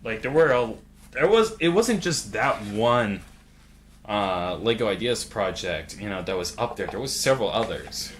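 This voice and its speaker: A man's voice: fairly low pitch, expressive, moderate pace, slight background noise. A man hosting a casual live stream, joking around and reading chat messages aloud. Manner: laid-back, jokey, reads chat aloud.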